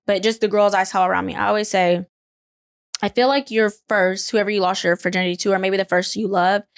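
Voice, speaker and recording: A young adult woman co-hosting a casual chat, telling stories in an animated way, acting out quotes with big jumps in pitch and laughter. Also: dry recording, studio quality. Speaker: podcast co-host.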